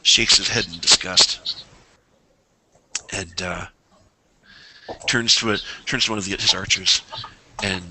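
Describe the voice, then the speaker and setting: A man's voice: low-pitched, slow, pauses often, heavy background noise. A man narrating a tabletop game as game master, telling the story with lots of restarts and asides. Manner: rambling, animated storyteller with frequent restarts.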